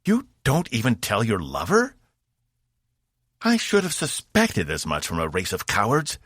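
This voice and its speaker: A man's voice: on the low side, wildly swooping pitch, measured pace, a bit bright, slightly rough, dry recording, studio quality, voice pushed up, full character voice. A man voicing a furious, towering blue-skinned alien consul, a woman who speaks with seething contempt and hard commands. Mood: contemptuous.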